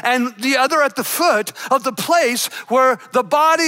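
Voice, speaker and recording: A man preaching a sermon, retelling a story with dramatic shouted emphasis, playful asides and quiet, earnest stretches. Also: extremely high pitch, unhurried, few pauses. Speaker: pastor.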